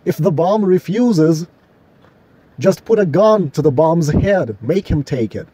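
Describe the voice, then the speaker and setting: A man's voice: fairly high pitch, expressive, measured pace, warm tone, breathy edge. A man delivering a solo vlog rant in an indignant, argumentative, profane way. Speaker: vlogger.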